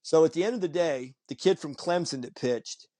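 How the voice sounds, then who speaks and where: Male podcast host, fairly high voice, animated storyteller who acts out the people he quotes. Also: moderate pace, no room sound, clean studio sound. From Virginia Beach, US. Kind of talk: casual conversation.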